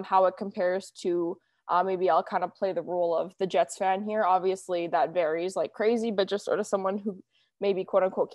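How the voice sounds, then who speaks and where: A woman's voice: lowish voice, darkish tone, dry recording, studio quality. A young woman hosting a casual chat, talking loosely with many fillers. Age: young adult. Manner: chatty, lots of fillers and "you know". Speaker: podcast host.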